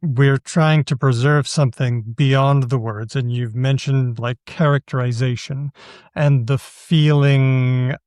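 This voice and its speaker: A man's voice: mid-range voice, fairly even intonation, takes it slowly, a little mellow, dry recording, studio quality. A man hosting a podcast interview, summing up and asking follow-up questions. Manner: summarizes and asks follow-up questions. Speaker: podcast host.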